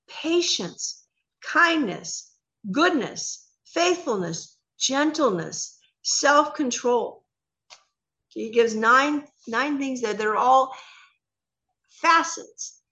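A woman co-hosting a radio Bible show, earnestly reading scripture slowly and explaining it. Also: high-pitched, a bit bright.

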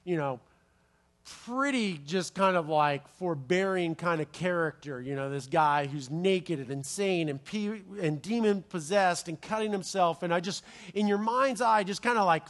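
A man with a notably high voice delivers a sermon as a lively storyteller. He jumps into playful asides, restarts his sentences and lets his excitement show. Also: moderate pace. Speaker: pastor.

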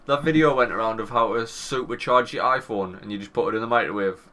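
Northern english bloke, 30s, bright tone, swears a lot, tells a story doing the other people's voices. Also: male voice, medium pitch, fast talker. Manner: swearing, animated anecdote with quoted voices. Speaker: podcast co-host. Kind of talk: casual storytelling chat.

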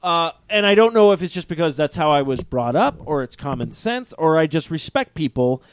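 A podcast co-host talking casually, rambling and cracking crude jokes. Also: male voice, a little high, big pitch swings, fairly quick, dry recording. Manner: joking, rambling, crude humor. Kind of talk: casual chat.

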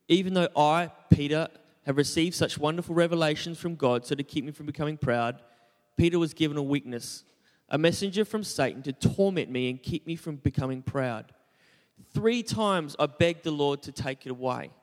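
A young adult man preaches in a large hall, keeping his sermon conversational with jokes at his own expense and questions for the congregation. His voice sits on the high side.

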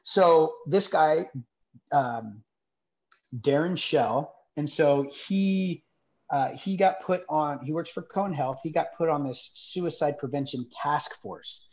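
A man's voice: on the high side, takes it slowly, a little mellow, dull audio. A man, the founder of a nonprofit, earnestly telling a personal story in a conversation, with lots of "like" fillers. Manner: earnest, rambling, many "like" fillers.

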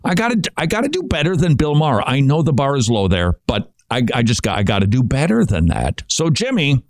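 A man hosting a faith talk show speaks earnestly about scripture, his pitch rising and falling in a lively way. He often stumbles, repeats words and restarts his thoughts. The sound is dry and close, with no room around it. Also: fairly quick, no room sound. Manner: earnest, stammers and restarts when thinking. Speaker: Christian podcast host. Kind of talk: casual Bible commentary.

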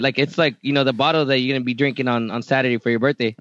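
A man's voice: medium pitch, fairly even intonation, rapid-fire, a bit bright, no echo, lo-fi sound. A man co-hosting a podcast in loose, slangy, casual chat with swearing. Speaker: podcast co-host.

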